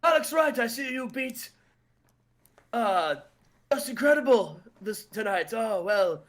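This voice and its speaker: A man playing a snooty, sophisticated wrestler gloating over tea in a wrestling game, fairly high-pitched with an animated lilt. He sounds smug and self-satisfied. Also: takes it slowly, heavily acted.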